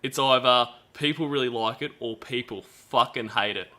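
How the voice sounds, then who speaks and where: A man's voice: mid-range voice, normal speed, pushed and bright. A man with an Australian accent hosting a stream, chatting casually in a self-deprecating way with lots of restarts. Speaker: stream host. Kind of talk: casual commentary chat.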